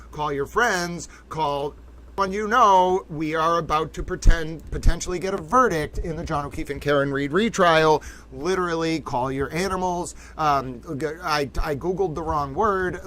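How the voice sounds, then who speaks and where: A man hosting a live stream, talking in an excited, breathless way and repeating himself. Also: a little high, a little hiss or hum, poor audio. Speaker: livestream host.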